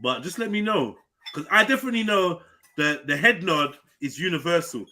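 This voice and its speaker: A man's voice: fairly high pitch, lively intonation, moderate pace, bright, forceful tone, rough recording. A man hosting an open panel, talking animatedly and breaking into laughs and quoted voices. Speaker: host. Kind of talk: casual chat.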